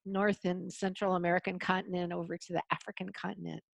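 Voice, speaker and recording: A woman's voice: lowish voice, level tone, fast talker, creaky, no echo. A woman hosting an interview show over a video call, chatting casually and reacting with enthusiastic praise. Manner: warm, effusive, lots of "mm" and "gorgeous". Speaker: host.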